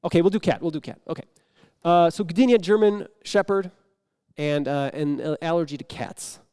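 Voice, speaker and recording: A man's voice: fairly high pitch, moderate pace, mellow, clean tone. A man telling an improvised comic story on a conference stage before an audience, acting out the dialogue and dropping into sudden whispers. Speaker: improv performer and speaker.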